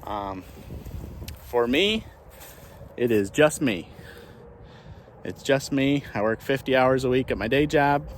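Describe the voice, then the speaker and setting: A man of ordinary, mid-range pitch talks casually as he walks his farm pasture outdoors. He thinks aloud and circles back on his own sentences with frequent restarts. Faint outdoor sound sits behind him. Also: animated, slow pace, pauses often, a little hiss or hum. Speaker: small farmer and channel host. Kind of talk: casual vlog while walking the pasture.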